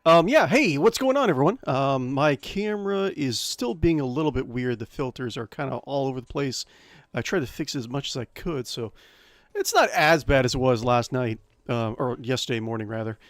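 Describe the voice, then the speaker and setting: A man's voice: medium pitch, animated, normal speed, no room sound, clean studio sound. A man chatting casually on a live stream as a variety game streamer, rambling with lots of fillers and self-corrections at his home setup.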